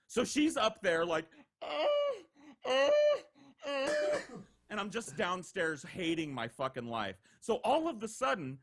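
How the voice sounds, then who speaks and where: Animated, profane young man telling a story. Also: on the high side. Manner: animated, profane, acts out quoted voices. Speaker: podcast regular telling stories. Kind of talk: casual storytelling.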